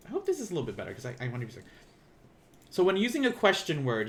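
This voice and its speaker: This language teacher, who has a Southern US accent, speaks rapid-fire in a fairly high voice with huge pitch swings. In his casual live-streamed lesson he rambles and thinks aloud in a self-deprecating way. Keyboard typing and slight background noise can be heard.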